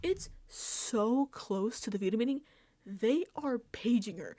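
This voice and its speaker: Animated, high-voiced woman recapping. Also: slow. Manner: animated, laughs often, exasperated. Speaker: reality show recap host. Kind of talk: casual recap commentary.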